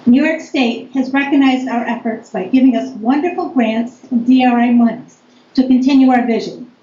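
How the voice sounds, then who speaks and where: A woman giving a firm, deliberate public comment as a local business owner at a town board meeting. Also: fairly high pitch, warm tone. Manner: firm, deliberate, reading aloud. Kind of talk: reading a prepared public comment. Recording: echoey meeting room, dull lo-fi audio, faint noise.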